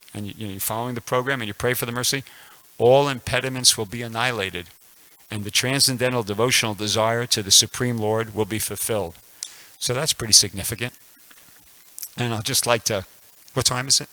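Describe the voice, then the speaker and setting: In a low-quality recording, a man in his sixties with a mid-range voice speaks briskly, with fairly even intonation and a bright, forceful tone. He's giving a casual scripture class at a temple, rambling through a personal story full of restarts and fillers.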